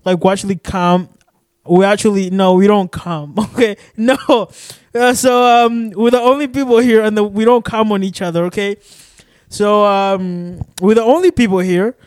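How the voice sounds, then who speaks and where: A man's voice: high-pitched, fairly even intonation, moderate pace, darkish tone, clear, resonant tone, dry recording. A young man from Arizona hosting a casual solo podcast, rambling with lots of fillers and cursing, recorded in a shared studio office. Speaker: podcast host.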